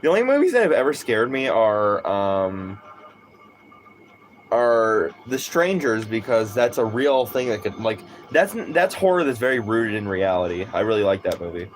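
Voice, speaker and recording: A man's voice: lowish voice, very animated, normal speed, slight background noise. A man chatting casually on a livestream, rambling and swearing, full of fillers and laughing asides.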